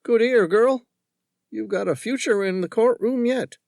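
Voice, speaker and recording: A male narrator voicing a cocky young lawyer with a Southern accent, smooth-talking and smug. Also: high voice, unhurried, darkish tone, no room sound, clean studio sound, pitched above the performer's own voice. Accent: American Southern.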